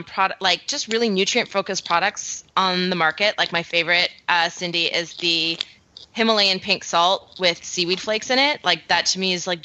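A woman from Canada with a softened Canadian accent, hosting a podcast in casual, chatty talk full of "like" and "um". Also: on the low side, no echo, highs cut off. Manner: chatty, filler-heavy, laughs often. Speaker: podcast host. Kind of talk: casual chat.

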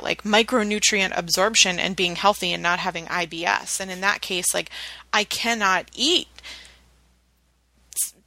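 A woman's voice: on the low side, creaky, sharp tone, no room sound, low-quality recording. A woman co-hosting a casual podcast, talking in a chatty way with lots of "like" and restarts. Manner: chatty, fillers like "like", stumbles and restarts. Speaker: podcast co-host.

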